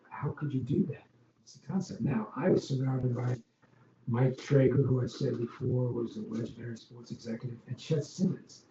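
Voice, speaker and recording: The creaky mid-range voice here is an older Long Island, New York man who used to run arenas, casually telling rambling interview stories full of ums and restarts. It's captured in dull, roomy podcast audio carrying faint noise.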